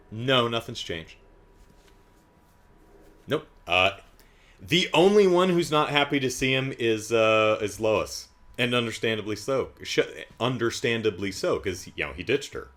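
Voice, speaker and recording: A man's voice: on the low side, big pitch swings, unhurried, pauses often, fairly bright tone. A man giving a casual, comedic movie recap in a sarcastic, incredulous way, rambling with asides. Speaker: movie reviewer.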